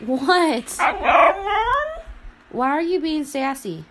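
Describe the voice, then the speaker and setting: A woman's voice: high voice, lively intonation, very slow. A woman exclaiming and laughing at her dog in a home video. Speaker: dog owner. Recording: loud noisy home phone video.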